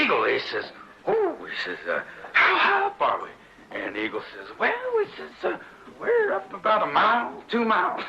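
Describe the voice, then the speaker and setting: A crude wisecracking frontier saloon owner. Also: male voice, on the low side. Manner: coarse, joking, swearing. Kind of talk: 1970s western film acting. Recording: dull old film soundtrack with hiss.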